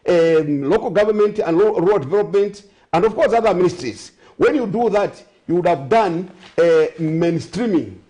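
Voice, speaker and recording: High-voiced Zambian man, rambling aside-filled talk. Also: animated, normal speed, hardly any pauses, mellow. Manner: rambling, self-correcting, sarcastic asides. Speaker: guest. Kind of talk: studio talk show discussion.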